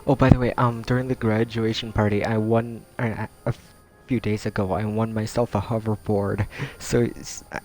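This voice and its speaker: A man's voice: fairly low pitch, little pitch movement, normal speed, hardly any pauses, a little mellow. A man chatting casually to viewers while playing a video game, rambling and correcting himself. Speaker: let's play streamer. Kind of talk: casual gameplay commentary. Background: game music.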